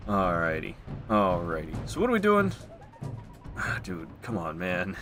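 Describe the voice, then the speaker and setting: A man streaming a video game, giving excitable live commentary as he plays. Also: sits low, a little slow, faint music behind. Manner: excitable, animated, laughing and groaning at the game.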